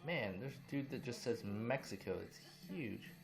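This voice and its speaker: Brief: male streamer, relaxed offhand chatter, faint music behind. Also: medium pitch, normal speed. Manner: offhand, musing while gaming. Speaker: live streamer. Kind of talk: casual live-stream chat.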